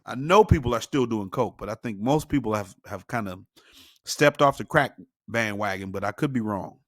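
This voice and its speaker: A man's voice: on the low side, animated, dry recording, clean studio sound. A man co-hosting a political podcast, reading news items aloud and adding wry comments. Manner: measured, wry, reads then comments. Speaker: podcast co-host.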